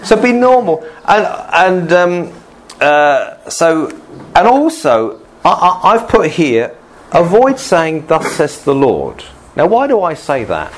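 A male pastor giving a relaxed, good-humoured sermon to his congregation, often laughing and restarting his sentences. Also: sits high, slow, a little hiss or hum.

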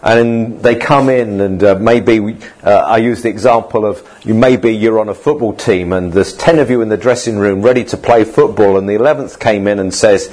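A man's voice: lowish voice, normal speed, few pauses, darkish tone. A man preaching a sermon in a conversational way, now and then acting out quoted voices.

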